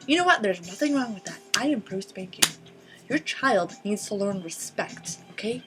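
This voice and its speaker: A woman's voice: mid-range voice, very animated, normal speed, fairly bright tone, soft background music. A young woman vlogger ranting sarcastically and profanely, exasperated and blunt. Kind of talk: ranting vlog.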